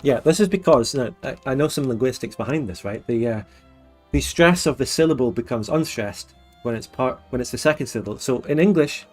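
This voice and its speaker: A man's voice: mid-range voice, animated, fairly quick, darkish tone, soft background music. A Scottish man hosting a casual stream chat, who explains things at length in a playful, questioning way. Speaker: streamer host.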